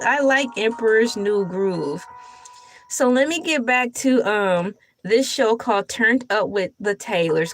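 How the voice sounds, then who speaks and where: A young adult woman hosting a casual livestream, chatty and laughing often as she talks to her chat. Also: on the high side. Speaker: livestream host.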